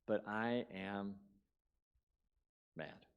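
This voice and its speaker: A man giving a conversational storytelling sermon as guest speaker in a church, swinging between loud bursts and quiet drops and repeating words for emphasis. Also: on the low side, drawn-out words, clean tone. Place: church sanctuary.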